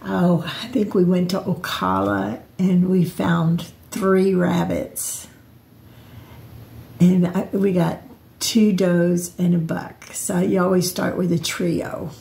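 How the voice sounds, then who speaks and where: An older woman talks slowly and reflectively in a home vlog, wandering between memories and advice. Her low voice is gravelly and mellow, and she often restarts her sentences. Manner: rambling, reflective, with repeated restarts. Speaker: vlogger. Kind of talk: personal storytelling vlog.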